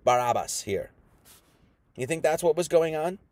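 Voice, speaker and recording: A man's voice: a little high, lively intonation, moderate pace, darkish tone, dry recording. A man preaching an informal sermon, firing off rhetorical questions in a folksy, combative manner.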